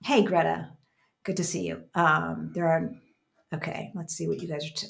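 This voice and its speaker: A woman's voice: deep voice, little pitch movement, normal speed, gravelly. An American woman in her fifties, co-hosting a casual livestream chat and telling stories in a reflective way. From United States. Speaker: livestream co-host. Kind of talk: casual chat, reading viewer comments.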